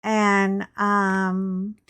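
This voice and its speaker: Unhurried chatty woman telling stories. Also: medium pitch, clean tone. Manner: chatty, animated storyteller with frank asides. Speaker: crafting channel host. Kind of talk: casual storytelling chat while crafting.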